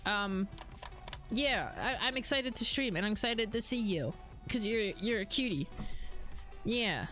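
A woman's voice: medium pitch, expressive, a little slow, pauses often, bright, forceful tone, faint music behind. A young woman live-streaming a driving game, chatting casually, swearing freely and answering chat messages.

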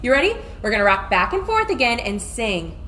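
A woman's voice: fairly high pitch, sing-song, brisk, sharp tone, slight background noise. A young woman teaching a music and movement class for small children, reading a story and singing in a playful, exaggerated way with lots of gasps. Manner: sing-song, gasping, playful and exaggerated.

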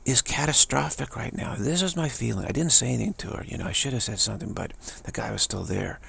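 Quick-paced and medium in pitch, with a fairly bright yet gravelly, husky tone, a man rambles on spiritual matters. He mocks the voices of others and repeatedly restarts his phrases.

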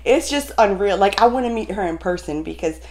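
A woman beauty vlogger talking straight to her viewers in a casual unboxing vlog, gushing and excitable. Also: mid-range voice, fairly quick.

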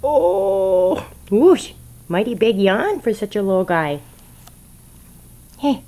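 A woman talking baby talk to a young puppy while filming it, cooing in a sing-song way and sometimes dropping to soft whispers. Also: mid-range voice, lively intonation, a little slow, pauses often.

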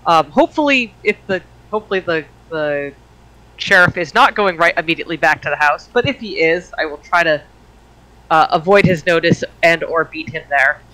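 A man's voice: a little high, animated, normal speed, bright, forceful tone, rough recording. A man playing in a tabletop game, thinking aloud about his moves in a tentative way. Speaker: player.

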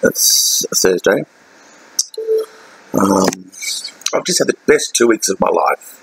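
A man with an Australian accent talking in a halting, emotional way with many fillers and restarts in a personal video diary. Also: deep voice, expressive, creaky, fairly bright tone, slight background noise, poor audio. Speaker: vlogger.

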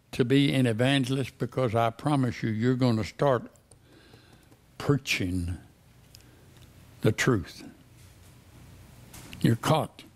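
A man's voice: mid-range voice, darkish tone. A man preaching a sermon, reading verses and pressing the listeners with repeated questions. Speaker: pastor.

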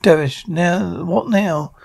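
A man's voice: high-pitched, takes it slowly, gravelly, darkish tone, breathy edge, no echo, exaggerated voice. A man voicing a weary pirate henchman who grumbles and stumbles over his words. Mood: grumbling.

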